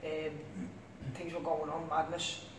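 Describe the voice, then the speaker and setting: Heard through a distant mic in an echoey room with faint noise, a young man speaks slowly in a level, fairly high voice. He's a singer from Liverpool, a relaxed, rambling interview guest who keeps dropping "you know what I mean".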